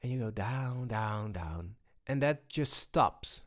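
A man giving a personal talk on balance, unhurried and full of pauses and restarts. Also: lowish voice, lively intonation. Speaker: speaker on balance.

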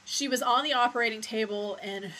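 A woman's voice: a little high, a little fast, sharp tone. A woman co-hosting a podcast in casual chat, chatty and recounting details. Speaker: podcast co-host.

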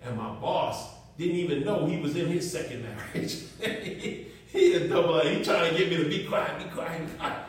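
A man's voice: fairly high pitch, moderate pace. A male preacher delivering a sermon in an emphatic, conversational way, talking straight to his congregation. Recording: echoey room, mic far off.

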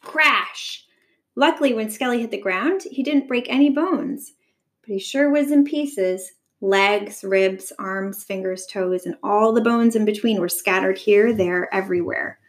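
A woman reading a picture book aloud to her child at home, expressive and animated, stopping to ask the child questions. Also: mid-range voice, a little slow.

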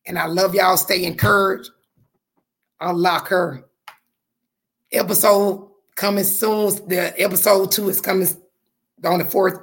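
Woman host, husky and hoarse voice, fervent preacher-like delivery to listeners. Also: fairly low pitch. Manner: fervent, repetitive, preacher-like cadence. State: voice going hoarse. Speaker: podcast host. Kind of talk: spirited faith talk to listeners.

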